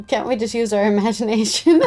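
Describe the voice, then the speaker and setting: A woman's voice: on the high side, normal speed, dark tone, faint music behind. A woman playing a tabletop game, laid-back and giggly in casual banter. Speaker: player.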